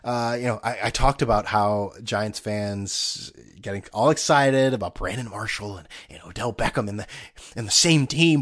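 A man's voice: lowish voice, normal speed, fairly bright tone. A man hosting a casual solo podcast, rambling and sarcastic with plenty of profanity. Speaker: podcast host.

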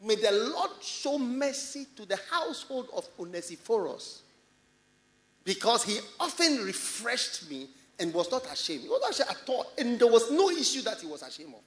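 A man with a Ghanaian English accent preaching in a large church hall. His voice sits very high and sounds bright and forceful. He swings his pitch widely, teasing and laughing as he drives his points home. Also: moderate pace. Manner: animated, laughing, mimicking excuses in a high voice. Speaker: pastor. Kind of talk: sermon.

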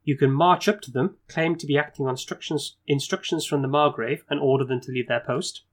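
This gamebook reader and host has a fairly high, fairly even-toned male voice. He narrates the fantasy adventure at a brisk clip, tripping over words now and then and dropping in side comments.

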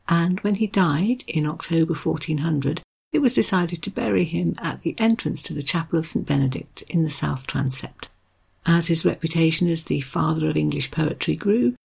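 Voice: mid-range voice, vocal fry, darkish tone, slightly rough. A podcast host giving an informal history talk, telling stories in a chatty way with wry asides.

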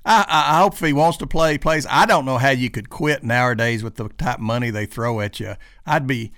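A man's voice: medium pitch, a little fast, a bit bright. A man hosting a sports talk podcast, chatting in an easygoing, joking way. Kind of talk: casual chat.

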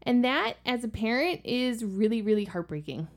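A woman with a slightly high, expressive voice speaks at a moderate pace as she co-hosts a podcast. She's a parent telling family stories in a chatty, conversational way, with plenty of likes and ums.

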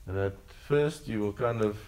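Man, very deep voice, preaching, earnest, repetitive cadence. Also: normal speed, a little mellow. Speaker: pastor. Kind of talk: sermon.

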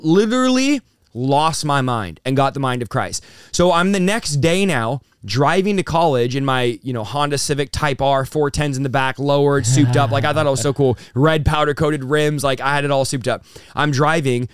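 A man's voice: on the high side, clean tone, dry recording, clean studio sound. A man in his thirties, a pastor, telling his story in a casual interview with lots of "dude" and "bro.". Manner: fast, excitable, says "dude" and "bro" a lot. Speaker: pastor and preacher being interviewed.

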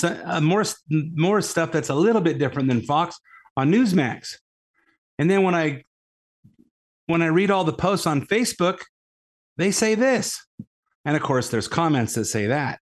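A man's voice: a little high, lively intonation, normal speed. A man hosting a political commentary show, talking in a casual, rambling way that repeats words and leans on "uh", scornful toward his opponents. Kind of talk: casual opinion monologue.

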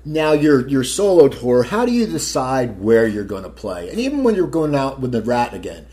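A man's voice: mid-range voice, sing-song, normal speed, warm tone. A male interviewer who laughs often and asks long, rambling questions. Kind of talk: radio interview.

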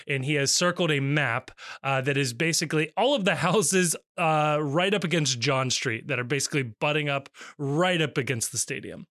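A man's voice: a little high, normal speed, few pauses, fairly bright tone, dry recording, studio quality. A man co-hosting a podcast in casual chat, reading out online comments and laughing often. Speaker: podcast co-host.

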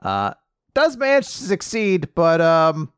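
Animated man recapping a story. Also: on the high side, smooth, no room sound, clean studio sound. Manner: animated retelling, quoting characters with quick voice shifts and laughs. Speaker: podcast co-host recapping a manga chapter. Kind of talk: casual chat.

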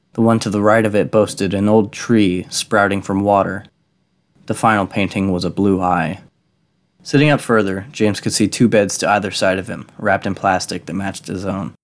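A man narrating an audiobook in a measured, even reading. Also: sits low.

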